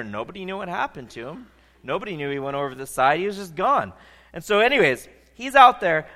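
Lively storytelling preacher in a big hall. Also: male voice, fairly high pitch. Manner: animated, conversational storyteller. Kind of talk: storytelling sermon. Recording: long reverb of a large hall.

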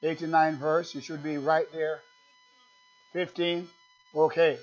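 A man preaching a sermon, emphatic and fervent, swinging from loud bursts to low conversational asides and quizzing his congregation. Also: steady tone, a little slow, soft background music. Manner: asks the congregation questions. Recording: dull lo-fi church recording.

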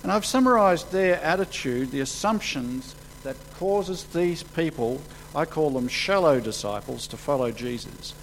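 A man preaching a sermon, acting out the quotes he reads with sudden rises in pitch and volume. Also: a little slow, few pauses, slight background noise, low-quality recording. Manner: animated, acts out quotes with sudden jumps in pitch and loudness.

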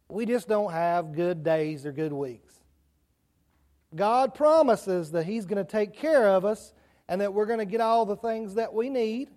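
A man with a country accent leads a children's sermon in a church sanctuary. His voice sits high, and he keeps it conversational, asking the kids questions and chatting with them as he goes. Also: warm tone. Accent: rural Southern US country.

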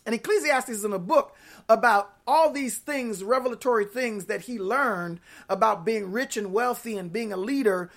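Woman pastor, online sermon; emphatic, conversational delivery, a bit high-pitched. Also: moderate pace. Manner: emphatic, repeats key points, folksy and conversational.

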